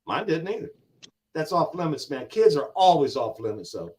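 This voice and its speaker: Older man with grandkids, guest on a talk stream. Emphatic, slangy, lively pitch. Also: moderate pace. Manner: heated, emphatic, slangy, repeats lines for effect. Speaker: guest on a live gig-driver talk show. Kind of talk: casual live-stream chat.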